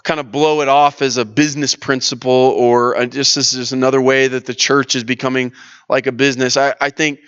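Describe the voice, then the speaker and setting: A man's voice: mid-range voice, level tone, fairly quick, fairly bright tone, smooth, highs cut off. A man leading a church leadership workshop, talking in a casual, storytelling way with lots of restarts and fillers. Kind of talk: conversational teaching session.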